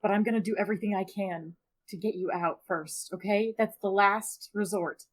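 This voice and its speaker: A woman's voice: medium pitch, fairly even intonation, normal speed, close to an everyday voice. A woman playing an earnest young male adventurer who speaks tenderly, stumbling and repeating words. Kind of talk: in-character role-play.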